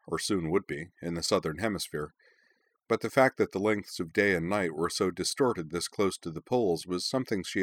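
A man reading a novel aloud in measured, even storytelling narration. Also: deep voice, no echo. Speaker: audiobook narrator. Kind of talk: scripted narration.

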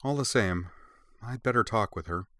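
A man's voice: fairly low pitch, moderate pace, a bit bright, no echo, clean studio sound, close to an everyday voice. A man voicing a caring, wry middle-aged mother who teases her husband and speaks patiently to her daughter. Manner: teasing, patient.

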